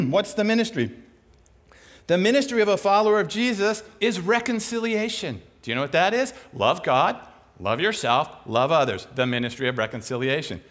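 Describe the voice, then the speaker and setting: A man preaching a sermon in a lively, conversational way, acting out quoted voices as he goes. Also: high voice. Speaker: pastor.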